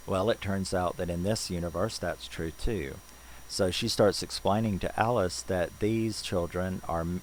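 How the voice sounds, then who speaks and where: Deep-voiced rambling man recapping a film. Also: slight background noise, poor audio. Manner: loose and rambling, full of "you know"s and restarts. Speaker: movie reviewer.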